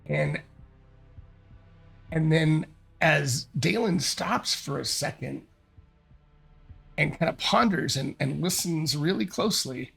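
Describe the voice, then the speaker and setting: Man, solo tabletop narration, halting, gravelly, husky, slow. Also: a little high, a bit bright. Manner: halting, hesitant, thinking aloud. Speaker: solo game master and player. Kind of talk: thinking-aloud tabletop narration.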